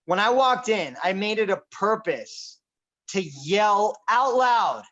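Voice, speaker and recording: A man hosting a casual political chat, talking in a boisterous, loud and animated way. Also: sits high, takes it slowly. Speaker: podcast host. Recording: dull lo-fi recording.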